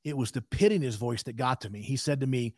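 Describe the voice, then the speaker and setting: A man's voice: mid-range voice, quick pace, darkish tone, no room sound, clean studio sound. A man in his sixties, a podcast guest telling a candid story in an emphatic way with frequent asides.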